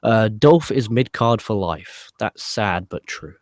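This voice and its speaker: A man's voice: fairly low pitch, lively intonation, slow, no room sound, studio quality. A man with a British accent co-hosting a casual wrestling podcast, reading out viewer comments with wry, dismissive asides. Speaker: podcast co-host.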